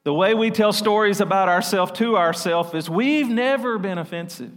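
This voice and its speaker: A man pastor preaching a sermon, lively and laughing often as he mimics voices. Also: sits high, moderate pace. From South Arkansas. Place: church sanctuary. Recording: long reverb of a church hall.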